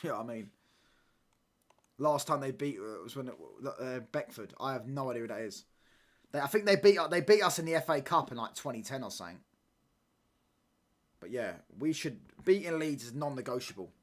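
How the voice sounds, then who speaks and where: A man's voice: mid-range voice, lively intonation, a little fast, long pauses. A man, chatting casually on a football watchalong stream and often asking "do you get what I'm saying?". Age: 20s. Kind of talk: casual live-stream chat.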